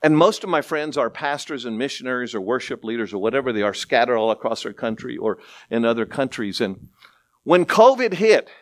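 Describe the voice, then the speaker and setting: A middle-aged male pastor preaching a sermon, telling stories with lively acted-out voices and frequent laughter. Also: mid-range voice, brisk. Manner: animated storytelling, acts out voices, laughs often.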